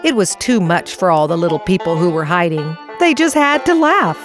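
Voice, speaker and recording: Lively woman reading a storybook. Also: lowish voice, normal speed, faint music behind. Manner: lively, expressive. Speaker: narrator.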